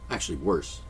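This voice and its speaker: A man hosting a solo monologue show, rambling and profane, often stopping to clear his throat. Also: fairly bright tone, slight background noise, poor audio. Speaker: podcast host.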